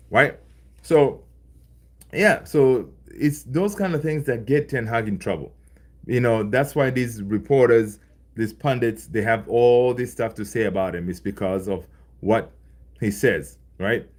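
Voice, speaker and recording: A man hosting a casual football livestream, rambling and animated, packing his talk with fillers and "right?". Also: mid-range voice, unhurried. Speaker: football channel livestream host.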